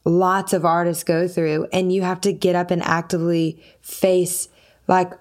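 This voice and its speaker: In a lowish voice, a little slow, a podcast-hosting singer casually narrates a personal story. She brings her own quoted words to life with animated voices.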